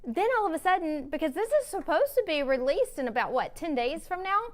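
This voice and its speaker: A woman hosting an interview, responding warmly and asking her guest questions. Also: high-pitched, lively intonation, fairly quick. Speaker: show host.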